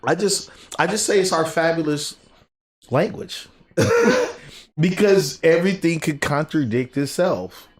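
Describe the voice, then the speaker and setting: Animated man in casual podcast chat. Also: fairly high pitch, slow, pauses often. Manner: animated, acts out quoted texts and arguments. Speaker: podcast co-host. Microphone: desk USB microphone.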